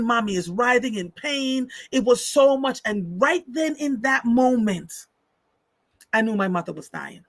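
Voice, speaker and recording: Woman, 50s, live-show host; gravelly, bright, dry close sound, reads chat and tells personal stories warmly and candidly. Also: a little high, dry recording. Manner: heartfelt personal storytelling, lively asides. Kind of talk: casual live-stream talk, reading chat comments.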